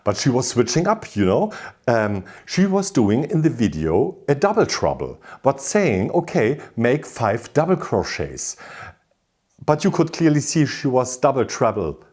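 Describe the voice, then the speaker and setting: A man with a German accent hosting a crochet tutorial, telling his story with animated exasperation. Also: medium pitch, normal speed. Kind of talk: casual tutorial talk.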